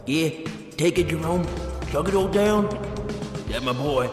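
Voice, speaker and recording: A man voicing a raspy mock-British podcast announcer with a hammy, sing-song hype delivery. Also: on the high side, quick pace, a little mellow, natural voice. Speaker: podcast co-host. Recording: roomy reverb with music behind.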